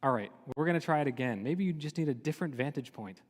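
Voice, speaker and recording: A man's voice: fairly high pitch, animated, quick pace, in a large hall. A man voicing an impatient, bossy king from an ancient tale who speaks in a pushy, exasperated way.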